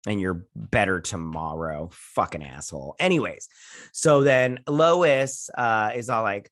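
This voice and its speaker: A man hosting a casual episode recap, rambling along and acting out characters' lines in quick quoted bits, swearing now and then. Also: medium pitch, expressive, fairly bright tone, no room sound, clean studio sound. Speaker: host.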